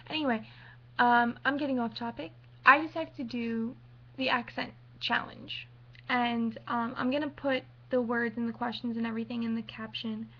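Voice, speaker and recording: Flat-voiced young woman on a webcam. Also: fairly high pitch. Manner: chatty, rambling, easily sidetracked. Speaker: vlogger. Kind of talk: casual webcam vlog. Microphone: built-in webcam mic. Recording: dull lo-fi webcam audio.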